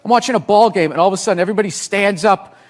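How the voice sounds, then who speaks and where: A man's voice: sits high, racing. A man who is a guest on a talk show, joking bluntly and cursing as he answers questions. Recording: studio audience, noisy broadcast.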